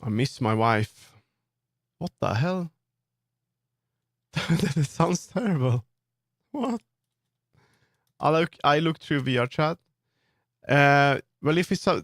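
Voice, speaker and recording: Working on 3D models during a live stream, a man talks with his viewers and answers their chat, animated yet firm and earnest. His fairly bright voice sits a little high for a man, and he takes it slowly with frequent pauses. The sound is close and dry, with no room echo.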